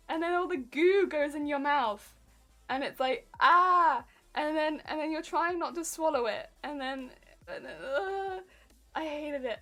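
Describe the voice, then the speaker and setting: A woman streamer chatting casually with her viewers, telling animated stories and laughing often. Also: sits high. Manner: reads and answers viewer chat. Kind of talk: casual live-stream chat.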